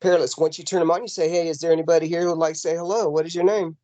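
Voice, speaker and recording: A man telling a ghost story from his home over a video call, rambling and animated with lots of fillers and restarts. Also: fairly high pitch, racing, dry recording. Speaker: paranormal investigator guest. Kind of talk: casual storytelling in an interview. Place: home in the mountains.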